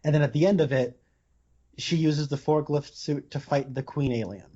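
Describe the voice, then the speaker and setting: Man, podcast host, casual film talk, rambling with fillers, high-ish mellow voice, dull lo-fi recording. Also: normal speed, slightly rough. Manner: rambling, many fillers and restarts.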